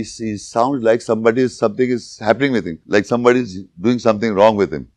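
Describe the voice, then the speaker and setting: A man giving an informal religious lecture, telling jokes and anecdotes and pausing to search for words. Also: medium pitch, no room sound. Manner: anecdotal, joking, with searching pauses and restarts. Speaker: Islamic lecturer.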